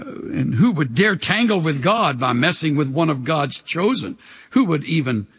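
A man's voice: high voice, a bit bright, slightly rough, big-room sound. An older man preaching a sermon in a church, impassioned and leading the congregation in call-and-response. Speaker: pastor. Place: church sanctuary.

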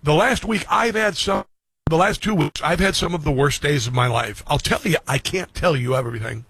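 A man's voice: on the high side, moderate pace, a bit bright, husky. A middle-aged man hosting a radio and streaming talk show, speaking earnestly to his listeners and repeating phrases for emphasis. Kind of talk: personal monologue to listeners.

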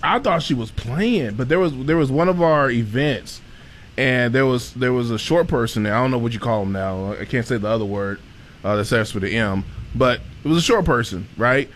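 A man co-hosting a radio show chats casually, his pitch rising and falling in a very lively way. He talks expressively and often quotes what he said himself. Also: moderate pace, slight background noise. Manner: animated, expressive, quoting himself. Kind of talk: casual chat.

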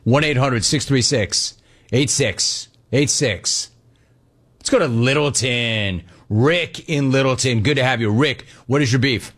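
A man's voice: mid-range voice, a little slow, fairly bright tone. A man hosting a call-in radio show, riffing emphatically and hammering home repeated catchphrases. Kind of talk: sports talk radio hosting.

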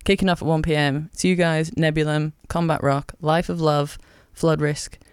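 A man's voice: on the high side, flat delivery, normal speed, clean tone, dry recording, clean studio sound. A male radio host running a casual, chatty interview with enthusiasm.

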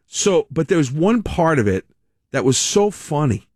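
Rambling radio host, dry. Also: male voice, fairly high pitch, big pitch swings, unhurried, a little mellow, breathy edge, dry recording. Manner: rambling, laughing, self-interrupting. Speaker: radio talk show host. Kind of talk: casual on-air talk.

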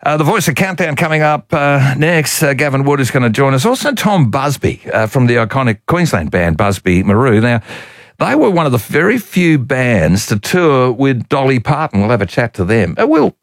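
A man's voice: mid-range voice, big pitch swings, normal speed, dry recording. A male morning radio host speaks into a studio microphone, and the sound is close and dry. He chats in a genial, rambling way, with small chuckles between his anecdotes.

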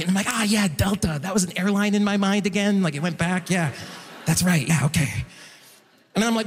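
A man performing a loud, animated stand-up comedy set in a large concert hall, acting out characters in his stories. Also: high-pitched, fairly quick, breathy edge. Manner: animated, loud jokey delivery with voiced characters. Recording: live hall recording with reverb. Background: audience laughter.

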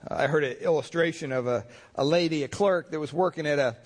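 A man's voice: fairly high pitch, quick pace. A male pastor preaching a sermon, telling stories in a folksy, rambling way. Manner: folksy storytelling with fillers.

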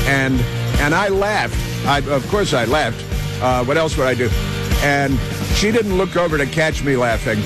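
A man hosting a talk radio show, telling a rambling story in a casual monologue and laughing mockingly along the way. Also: medium pitch.

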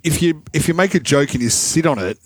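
A man co-hosting a radio show with quick jokes. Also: fairly high pitch, lively intonation, dry recording. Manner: joking, quick quips. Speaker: radio co-host. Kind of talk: radio banter.

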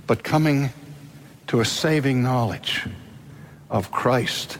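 Slow, dramatic male preacher. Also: medium pitch, slight background noise. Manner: dramatic storytelling, addresses congregation. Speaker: pastor and seminary teacher. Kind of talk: sermon.

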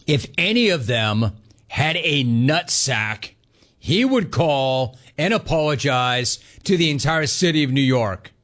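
A man hosting a sports talk radio show, delivering a sarcastic, mocking monologue with animated asides. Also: fairly high pitch.

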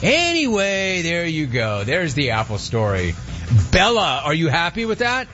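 A man hosting a radio show, telling an exasperated story in a casual, animated way and acting out what people said. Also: fairly high pitch, a little slow, lo-fi sound, faint music behind. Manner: animated, exasperated retelling with quoted voices.

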